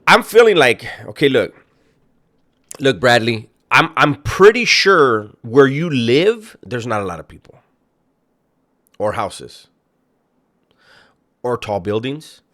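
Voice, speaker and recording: Mocking man reacting with lively pitch. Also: slow, long pauses. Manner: mocking, incredulous, swears a lot. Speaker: reaction video host. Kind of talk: casual profane reaction commentary.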